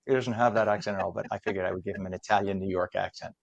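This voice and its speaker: A man's voice: low voice, steady tone, racing, vocal fry, dull audio. A middle-aged man hosting a morning TV news and talk show, chatty and a bit rambling, reading traffic and introducing guests. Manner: chatty, rambling, self-deprecating.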